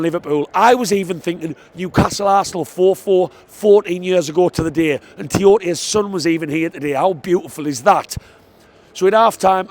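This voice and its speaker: A man giving an excitable post-match football fan reaction outside the stadium, stressing his points. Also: a little high. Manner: excitable, emphatic, repeats "I tell you what".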